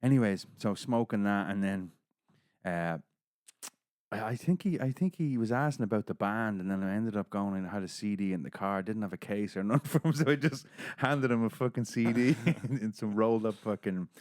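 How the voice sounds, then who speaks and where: A man's voice: on the low side, normal speed, darkish tone, no echo, clean studio sound. A middle-aged Irish man hosting a casual podcast, telling stories and swearing freely. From Ireland. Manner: storytelling, swears freely, acts out quotes. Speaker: podcast host. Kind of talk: casual chat.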